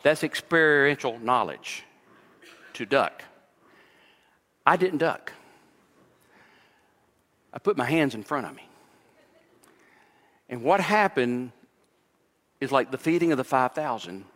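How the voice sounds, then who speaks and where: Bright-voiced man preaching in a hall. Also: mid-range voice, expressive, slow, pauses often. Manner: expository preaching with personal stories, voice rising when emphatic. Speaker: pastor. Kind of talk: sermon.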